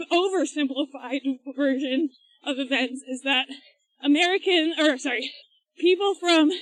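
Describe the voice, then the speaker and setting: Woman podcast co-host, high voice, dry close sound, chatty explainer recorded on a run. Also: no room sound, low-quality recording. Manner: chatty, explains at length with laughs. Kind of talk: casual chat while running. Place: outdoors, on a run.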